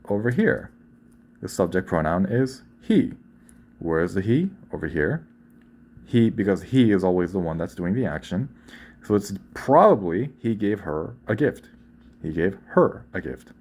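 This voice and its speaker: A man with a deep, low voice and a soft, mellow tone walks beginners through Korean grammar. He explains things casually, restarts sentences and keeps asking "right?" as he goes. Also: very animated, unhurried. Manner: loose and conversational, often restarting and asking "right?". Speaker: Korean language teacher.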